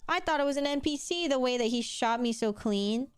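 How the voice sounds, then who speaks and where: A woman's voice: high voice, expressive, a little fast, smooth, dry recording, soft background music. A young woman streaming while she draws, in a rambling casual chat full of "like" and laughs, swearing now and then. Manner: chatty, rambling with frequent "like" and laughs.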